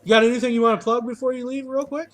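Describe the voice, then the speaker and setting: A man co-hosts a laid-back podcast. His voice sits high for a man. He mostly chimes in with short, offhand comments. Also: level tone, very fast, fairly bright tone. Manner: brief, offhand interjections. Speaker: podcast co-host. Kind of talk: casual podcast chat.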